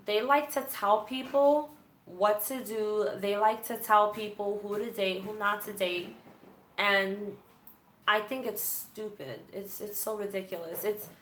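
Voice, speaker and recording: A woman talks straight to her viewers in a bright, forceful voice, candid and sarcastic as she tells her stories. The room gives her voice a noticeable echo. A faint hum sits underneath. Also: mid-range voice. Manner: candid, sarcastic, animated storytelling. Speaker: host of a livestream on leaving a church group. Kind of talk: casual livestream chat, reading viewer comments.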